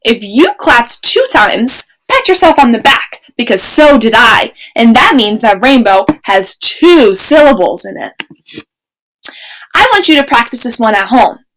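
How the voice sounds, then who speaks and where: A young woman teaching a remote kindergarten lesson, speaking slowly and clearly in an encouraging teacher voice. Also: fairly high pitch, sing-song, fairly bright tone, rough recording.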